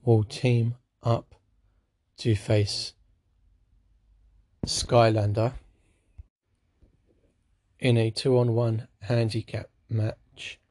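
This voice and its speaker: A man's voice: medium pitch, a little mellow, no echo. A man giving a casual spoken recap of a wrestling show, with dry, sarcastic asides.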